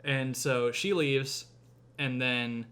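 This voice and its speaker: A man's voice: medium pitch, fairly even intonation, takes it slowly, a bit bright, smooth. A young man hosting a podcast, casually retelling a film's plot with lots of fillers, swearing and acted-out quotes. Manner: rambling, acts out quotes, frequent fillers and cursing. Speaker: podcast host.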